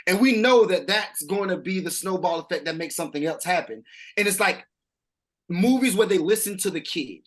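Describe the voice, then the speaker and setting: A man giving a casual film review, animated and emphatic, swearing now and then. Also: sits high, a little fast. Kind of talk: casual chat.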